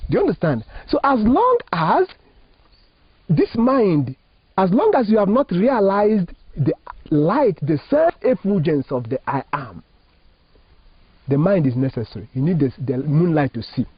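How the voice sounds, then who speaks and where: A Nigerian Catholic priest offers spiritual teaching in an interview, speaking unhurriedly in an emphatic, preacherly way with rising and falling phrasing and rhetorical questions. His fairly high, husky voice swoops lively up and down, and the recording is dull, lo-fi, and dry with no room sound.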